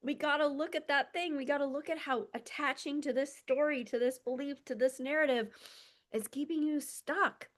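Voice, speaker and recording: Female self-development coach, a bit high-pitched, earnest and confessional, casual and filler-heavy delivery. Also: normal speed. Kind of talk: casual reflective monologue.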